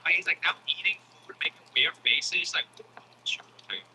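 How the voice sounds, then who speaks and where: Animated bright-voiced male comedian. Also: high voice, moderate pace, slight background noise, low-quality recording. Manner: animated, casual, swearing, acts out voices. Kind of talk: stand-up comedy storytelling.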